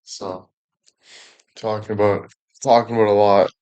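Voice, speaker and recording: A man's voice: on the low side, level tone, unhurried, a little mellow, muffled recording. A young man chatting casually to his audience, rambling and making crude jokes.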